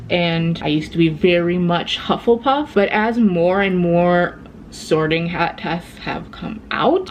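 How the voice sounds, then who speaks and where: Woman book vlogger, casual and talkative, mid pitch, reads prompts aloud, blunt reactions. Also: slight background noise, poor audio. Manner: frank, swears casually. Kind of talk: casual vlog chat.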